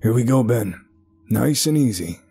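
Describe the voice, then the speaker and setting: A man's voice: low-pitched, unhurried, vocal fry, a little mellow, breathy edge, soft background music, full character voice. A man voicing a guilt-ridden male cave rescuer in a horror story, speaking hesitantly. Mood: urgent. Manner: hesitant, uncertain.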